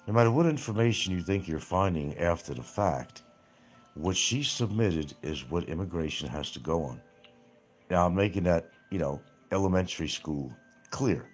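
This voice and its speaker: A man's voice: sits low, lively intonation, normal speed, slightly rough. A man hosting his own livestream show, ranting at absent critics in a mocking, confrontational way, repeating his points and swearing freely.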